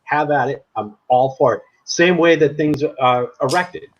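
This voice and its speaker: A man co-hosting a casual podcast chat, opinionated and animated, laughing often. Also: fairly high pitch, a little slow. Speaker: podcast co-host. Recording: dull lo-fi sound with faint noise.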